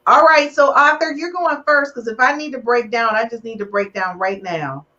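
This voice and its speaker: A woman's voice: a little high, normal speed, bright, forceful tone, lo-fi sound. A woman hosting a live relationship podcast, teasing her guests and getting emotional. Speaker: podcast host.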